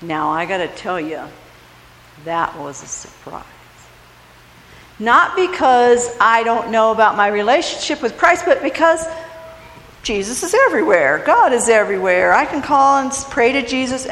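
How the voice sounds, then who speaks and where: A middle-aged woman giving a personal testimony from a church, telling her story in a slow, heartfelt way. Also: a little high, roomy sound, in a large hall, slight background noise, poor audio. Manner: storytelling, slow and heartfelt, lively in funny parts. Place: church sanctuary.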